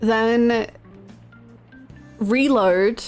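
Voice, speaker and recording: Giggly streamer woman, high voice. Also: very slow, faint music behind. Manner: giggly, gushing, rambling. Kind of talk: casual live-stream chat.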